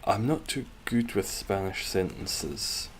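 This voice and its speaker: Low, unhurried Scottish man streaming. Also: lively intonation, slight background noise. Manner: joking, rambling and sweary. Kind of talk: casual gaming stream chat.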